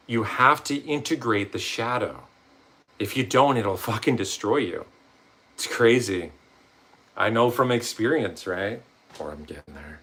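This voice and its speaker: A man vlogging a rambling, casual motivational monologue, swearing often and acting out quotes in different voices. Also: fairly low pitch. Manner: swearing, rambling, animated quoting of himself and others.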